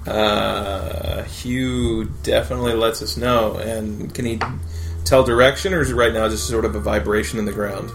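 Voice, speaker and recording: A man's voice: fairly low pitch, steady tone, moderate pace, creaky, soft background music. A man playing a tabletop game, hesitant and thinking aloud with fillers. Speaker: player.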